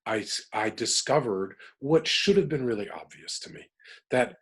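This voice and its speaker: Here a middle-aged man from the US, appearing as an interview guest, works through his emotions aloud with animated emphasis. The talk is reflective and personal, delivered at normal speed in a husky, medium-pitched voice.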